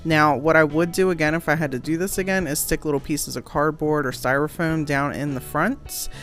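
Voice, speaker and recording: A woman's voice: low voice, steady tone, brisk, soft background music. A woman talking through a craft tutorial in a casual voice-over, chatty and giggly, often poking fun at herself. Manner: chatty, giggly, self-deprecating. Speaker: crafting vlogger.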